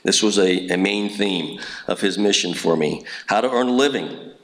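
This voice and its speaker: A middle-aged man from Indiana speaks to a congregation, sharing a personal testimony. His voice sits a bit low, and he talks earnestly, with frequent ums, uhs and restarts. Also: animated, normal speed, fairly bright tone, low-quality recording. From Indiana, USA. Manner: earnest storytelling with frequent fillers. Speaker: church speaker giving testimony.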